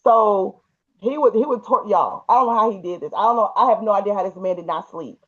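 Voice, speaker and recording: A woman telling a personal story in a casual, animated and emphatic way, with colloquial speech. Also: medium pitch, fairly quick, highs cut off.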